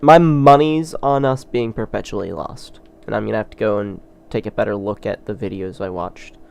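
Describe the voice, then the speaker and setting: A man hosting a gaming channel who rambles through a let's play with excitable, self-deprecating commentary. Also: fairly low pitch, moderate pace, vocal fry.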